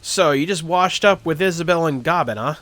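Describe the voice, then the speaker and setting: A man voicing a brusque middle-aged man with a Midwestern accent in a video game, clipped and a little louder than his own voice. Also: a little high, a little fast, voice pushed up, close to an everyday voice. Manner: gruff and clipped, then loud and cheery.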